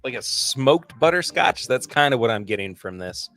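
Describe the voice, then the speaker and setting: A man's voice: medium pitch, sing-song, moderate pace, fairly bright tone. A man hosting a casual livestream podcast, chatting enthusiastically through tasting notes and rambling with restarts. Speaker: podcast host.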